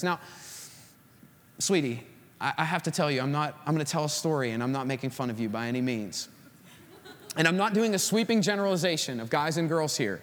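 Animated high-voiced male preacher, reverberant hall. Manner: animated preaching, acts out stories. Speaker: pastor. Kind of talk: sermon.

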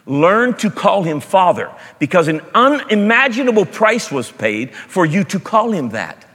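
A pastor preaching a sermon with storytelling, animated, jumping between loud emphasis and quiet asides. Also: male voice, high voice, unhurried, long reverb tail.

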